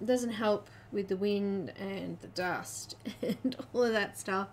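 A woman hosting a casual live chat, a little out of breath, chatty and quick to laugh as she greets viewers by name. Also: mid-range voice, slight background noise. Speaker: live stream host.

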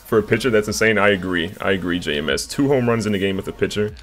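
A young man from Virginia streaming a game live, reacting loudly to plays and reading his chat aloud to thank viewers. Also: lowish voice, fast talker, faint music behind. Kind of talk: live gameplay commentary.

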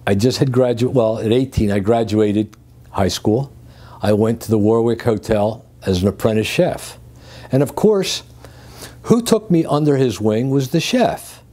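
An older man from Greece, recounting his working life as an interview guest, with lively chuckling storytelling. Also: medium pitch.

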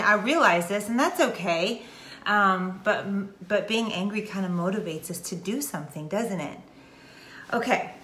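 A middle-aged Texan woman talks to her viewers with the fervor of a preacher. Her voice is fairly high and bright, and it bounces around an echoey room. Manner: animated, preachy, folksy with southern slang. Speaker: vlogger. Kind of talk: casual direct-to-camera talk.

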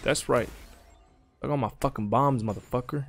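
A man giving loud, profane, trash-talking commentary while playing a video game, his voice swinging between mutters and shouts. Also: medium pitch, a little fast, soft background music. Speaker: gaming streamer.

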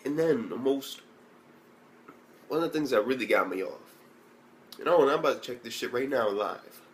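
A man's voice: medium pitch, expressive, moderate pace, a little hiss or hum. A man giving a casual, profanity-heavy anime review, ranting and full of exasperated rhetorical questions.

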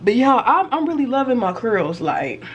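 Animated woman telling a story at home. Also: a little high, moderate pace, husky, soft background music. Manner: animated storytelling, lots of slang and cursing. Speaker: vlogger. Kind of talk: casual story time to camera. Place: home, indoors.

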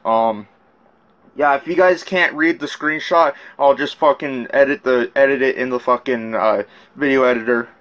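A man's voice: medium pitch, moderate pace, fairly bright tone, dull audio. A man telling his side of a rap feud in a casual rant, swearing often and restarting his sentences. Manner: profane, rambling, with many restarts. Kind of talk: casual rant recounting messages.

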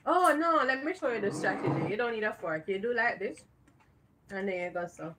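A woman co-hosts a casual cooking livestream, reading out viewer comments and teasing her partner. Her voice sits at a middle pitch. Clear background noise hangs behind her. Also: animated, a little fast. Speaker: co-host.

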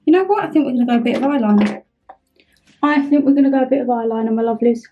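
Young woman, vlogger, casual chat, flustered, self-mocking, fairly high-pitched. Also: very fast, highs cut off, a little hiss or hum. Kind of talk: casual getting-ready vlog chat. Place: at home getting ready.

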